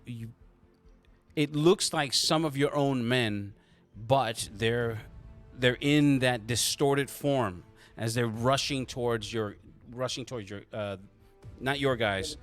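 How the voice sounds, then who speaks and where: A man narrating a tabletop game as game master, halting and restarting, with quick voiced asides. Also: mid-range voice, a bit bright, faint music behind.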